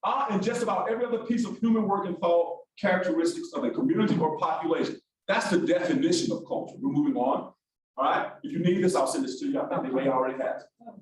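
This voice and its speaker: Instructor, brisk and high-pitched, echoey distant hall sound. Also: male voice. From Alabama, US. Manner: brisk, animated, calls on the room. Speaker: workshop instructor. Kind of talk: interactive classroom lecture. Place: large echoey classroom.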